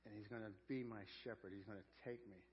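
A man preaching a sermon as a pastor. He is earnest and folksy, repeats words as he searches for them, and swings between loud emphasis and quiet intensity. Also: fairly low pitch, fairly even intonation, fast, a little hiss or hum. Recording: dull lo-fi church audio.

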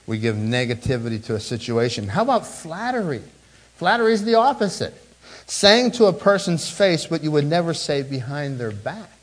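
A middle-aged male pastor delivers a sermon in a conversational way, with frequent asides to his listeners. His voice sits a little high and moves all over its range, climbing for emphasis, then dropping to a near-hush. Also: moderate pace, poor audio. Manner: animated preaching with sudden drops to a hushed tone.

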